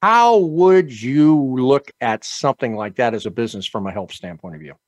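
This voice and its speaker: A man hosts a live business radio show with brisk, pushy salesman patter. His voice sits in a middle register. The sound is dry and close, with no room around it. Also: mid-range voice, animated, dry recording.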